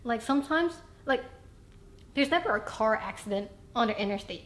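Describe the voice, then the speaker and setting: A woman hosting a casual chat over wine, animated and laughing, often jumping into high exclamations. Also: moderate pace. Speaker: host.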